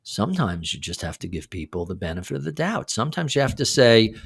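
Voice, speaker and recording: A man in his sixties, a podcast guest, telling a story in a casual interview, animated and casually profane. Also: lowish voice, fast, vocal fry, husky. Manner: animated, acts out quoted lines, swears casually.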